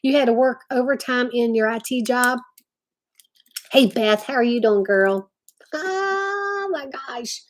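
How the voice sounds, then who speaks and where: A middle-aged woman with a slightly high voice runs a casual live stream. She talks in a loose, chatty way, restarting her sentences as she goes. She keeps greeting viewers by name between her thoughts. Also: lively intonation, slow. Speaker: livestream host.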